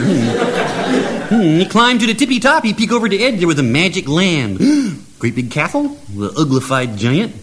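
Playful, animated male storyteller. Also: high-pitched, normal speed, a little hiss or hum. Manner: playful, chuckling, mock-broken grammar. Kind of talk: comic oral storytelling.

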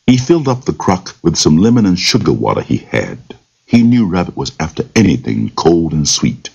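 A man's voice: low-pitched, big pitch swings, normal speed, gravelly, a little mellow, husky. A man telling a folktale aloud in a rhythmic, lilting oral style full of repetitions. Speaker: storyteller. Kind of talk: folktale storytelling. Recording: dull lo-fi recording.

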